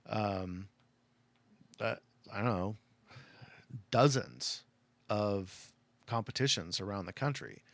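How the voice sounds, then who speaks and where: Speaking on the low side in a dry recording, the middle-aged Arizonan recounts a personal story. He is emotional and heartfelt, rambling casually and peppering his words with "like" and "you know."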